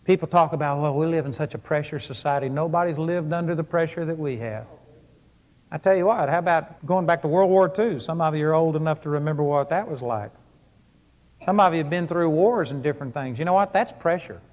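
A man's voice: a little high, brisk, darkish tone. A man preaching a sermon to a congregation, telling stories with emphatic rises and punchy lines. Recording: long hall reverb, dull lo-fi sound.

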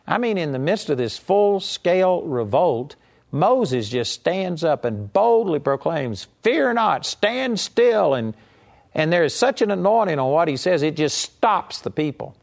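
Male preacher, lightly high voice, animated sermon storytelling, dramatic raised pleas. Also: measured pace, vocal fry.

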